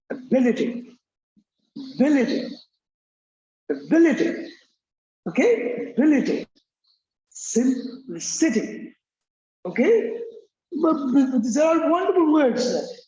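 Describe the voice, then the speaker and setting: Slow, halting man teaching pronunciation. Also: very high-pitched, a little mellow. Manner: halting, many fillers and restarts, repeats words for drill. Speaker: English accent teacher. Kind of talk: classroom-style lecture. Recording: roomy, dull lo-fi recording.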